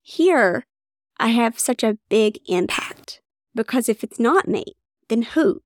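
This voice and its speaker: Lively woman doctor. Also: a little high, takes it slowly, dry recording, studio quality. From Eastern Kentucky. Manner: animated storytelling, lively and expressive. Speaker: rural OB-GYN doctor, guest. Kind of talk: casual podcast conversation.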